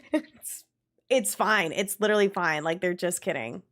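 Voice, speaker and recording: A young adult woman streaming a game and chatting casually with her viewers, animated and quick to laugh, swearing freely. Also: fairly low pitch. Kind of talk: casual live-stream chat.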